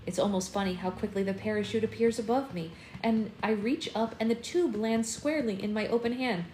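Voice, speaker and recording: Mellow woman reading a novel aloud. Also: mid-range voice, brisk, slight background noise. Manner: expressive, acts out the dialogue. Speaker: book club host reading aloud. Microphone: phone for a live stream. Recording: roomy room with faint ambience.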